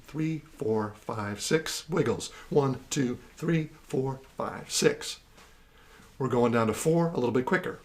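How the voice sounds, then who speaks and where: A man instructing a guided exercise, counting out rhythms with energy and explaining the reasons behind each step. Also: medium pitch.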